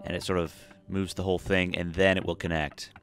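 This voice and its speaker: Faint music runs behind this gameplay commentator, a low-voiced man speaking briskly in a level, fairly bright tone. He's tired and yawning as he rambles through a space game in a casual let's-play, full of fillers and false starts.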